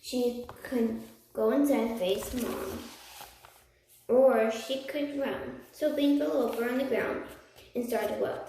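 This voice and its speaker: A woman reading a children's book aloud, slowly, with slips and restarts. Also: on the high side, steady tone, mellow. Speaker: reader. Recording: echoey room, far from mic, faint noise.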